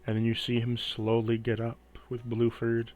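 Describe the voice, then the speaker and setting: A man running a tabletop game as game master, narrating the scene slowly and dramatically and asking for rolls. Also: mid-range voice, monotone, a little mellow, no room sound. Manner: slow, dramatic descriptive narration.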